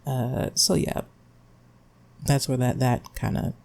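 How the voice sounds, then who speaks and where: A man's voice: medium pitch, level tone, slow, creaky, darkish tone. A young man giving a rambling, exasperated spoken review, swearing freely as he recaps the plot. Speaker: vlogger reviewing a drama.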